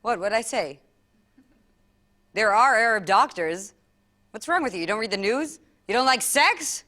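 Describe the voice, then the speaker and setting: A woman doing a stand-up comedy act, laughing at her own jokes and filling the gaps with awkward pauses. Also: fairly high pitch, lively intonation, sharp tone. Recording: live stage with music and audience.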